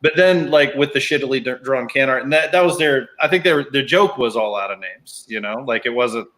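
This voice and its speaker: A man's voice: mid-range voice, a little fast, fairly bright tone. A man co-hosting a casual drinks chat over a video call, joking and rambling through long explanations. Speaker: regular co-host.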